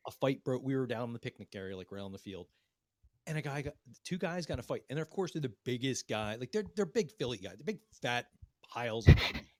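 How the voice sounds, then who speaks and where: Profane, animated man telling a story. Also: mid-range voice, fast talker, dry recording, studio quality. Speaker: podcast co-host. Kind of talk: casual storytelling chat.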